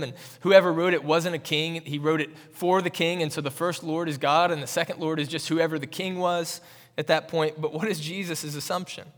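A man preaching a sermon as pastor, earnest and emphatic, with measured rhetorical pauses. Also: fairly high pitch, fairly bright tone, in a large hall. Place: church sanctuary.

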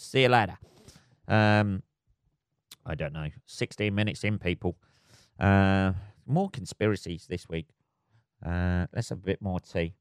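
A man hosting his own podcast, ranting casually with lots of swearing and trailing off into low mutters. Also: clear, resonant tone, no echo, studio quality. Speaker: podcast host. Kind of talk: casual solo rant.

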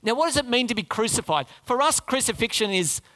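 A man preaching a sermon, retelling a story with rhetorical questions and dramatic drops into a low, quiet voice. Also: animated, brisk.

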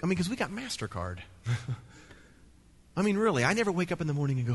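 A middle-aged man from the United States preaching a sermon, emphatic and animated, with playful asides. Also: high voice, normal speed, long pauses, slightly rough. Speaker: pastor.

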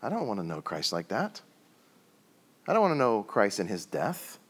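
A middle-aged man preaching a sermon, telling stories and dropping his voice low for emphasis. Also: huge pitch swings, moderate pace, slightly rough. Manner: storytelling with acted quotes and sudden quiet drops. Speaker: pastor.

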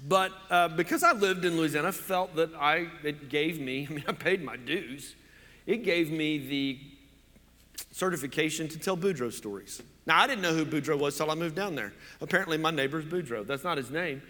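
A man from Oklahoma preaching a sermon, chatty and joking with plenty of fillers. His voice sits a touch high and rings bright and forceful. A long church-hall reverb follows every phrase. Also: moderate pace. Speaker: pastor.

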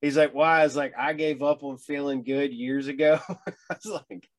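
A middle-aged man speaking as a guest in a casual chat, halting and repeating words with a wry edge. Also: a little high, steady tone.

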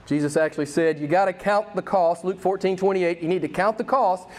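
High-pitched emphatic male preacher. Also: fairly quick, darkish tone. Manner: emphatic, repeats key phrases for effect; mimics voices with raised pitch when quoting. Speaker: pastor. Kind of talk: sermon.

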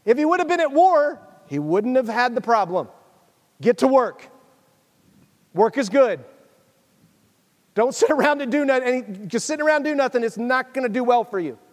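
A male pastor with a high voice preaches in a casual, conversational way. He moves between reading scripture and urging his listeners directly. His voice rings through a hall with a long echo. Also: animated, normal speed, long pauses. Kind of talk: sermon.

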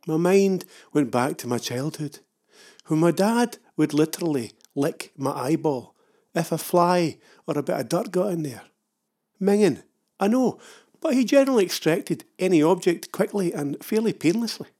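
A man's voice: on the high side, expressive, moderate pace, warm tone, breathy edge. An older Scottish man narrating a comic travel story with wry, self-mocking asides. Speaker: travel vlogger.

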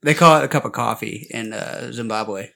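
A man's voice: mid-range voice, normal speed, creaky, pushed and bright. A man co-hosting a casual podcast, goofy and laughing often, making silly puns. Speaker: podcast co-host. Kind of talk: casual banter.

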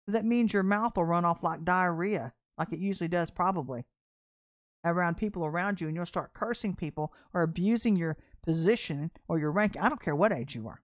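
A woman's voice: on the low side, brisk, dry recording, studio quality. A woman preaching a sermon in a blunt, conversational and emphatic way.

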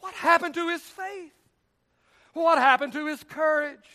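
A pastor delivering a fiery sermon, his voice climbing into shouts as he drives each point home. For a man his voice sits very high, and it has a bright, ringing edge. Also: unhurried. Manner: impassioned, often shouting.

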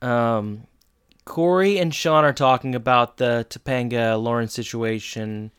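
Male co-host, medium pitch, clear resonant tone, laid-back dry storyteller. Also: a little slow, fairly bright tone. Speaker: podcast co-host. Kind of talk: casual chat recapping a TV episode.

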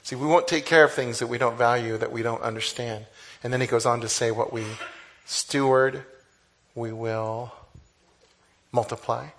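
A man preaching a conversational sermon, animated, with sudden exclamations. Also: medium pitch, normal speed. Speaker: pastor.

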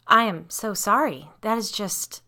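A woman's voice: medium pitch, measured pace, bright, forceful tone, voice pushed up. A woman reading a horror story aloud, voicing a young mother who speaks in a hesitant, stammering, apologetic way. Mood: stunned. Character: flustered, apologetic young mother, paranormal investigator.

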